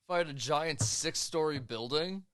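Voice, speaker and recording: Skeptical young man with a smooth voice. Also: fairly high pitch, moderate pace, fairly bright tone, dry recording, clean studio sound. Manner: skeptical, questioning. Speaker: podcast co-host. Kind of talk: casual chat.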